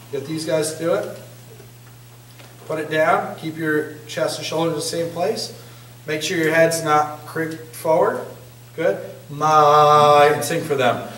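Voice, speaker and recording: Chatty singing coach in an echoey room. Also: male voice, fairly high pitch, slight background noise. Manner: chatty, joking, asks the group questions. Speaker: singing instructor. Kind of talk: casual workshop teaching. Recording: echoey room, distant mic.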